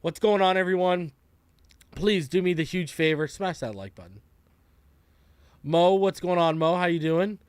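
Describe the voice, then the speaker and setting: A man's voice: sits high, expressive, moderate pace, pauses often, clear, resonant tone, no room sound. Slangy, friendly male live-stream host. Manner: laid-back, greets viewers by name, slangy. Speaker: podcast host. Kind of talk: casual live-stream chat. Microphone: close desk mic.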